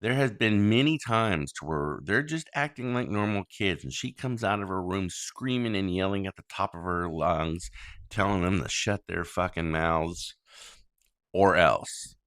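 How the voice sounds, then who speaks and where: A man's voice: low voice, a little slow, a bit bright, dry recording, clean studio sound. A man speaking as a father making a public plea to listeners, blunt and indignant, with many ums and some swearing. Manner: indignant, complaining. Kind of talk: monologue to listeners.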